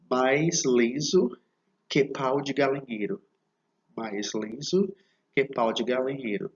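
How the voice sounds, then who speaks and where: A man teaching idioms in a video lesson, speaking slowly and explaining patiently. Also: medium pitch, muffled recording. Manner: slow, explanatory, repeats phrases and checks with "okay?". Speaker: Portuguese teacher.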